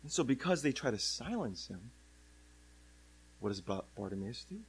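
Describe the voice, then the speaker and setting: A young adult man preaching a sermon, moving between hushed lines and loud, drawn-out cries. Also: medium pitch, big pitch swings, slightly rough, rough recording.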